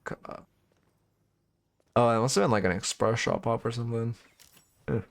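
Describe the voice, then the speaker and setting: A man's voice: medium pitch, normal speed, gravelly, slight background noise. A man giving casual live-stream coaching commentary on a video game, blunt and opinionated, swearing freely.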